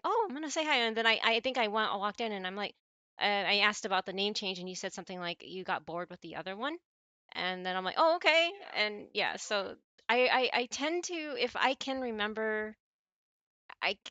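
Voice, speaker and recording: A woman's voice: mid-range voice, sharp tone, no echo. An American woman streaming games, chatting casually with viewers and rambling with frequent restarts and self-corrections. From United States. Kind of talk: casual gaming stream chat.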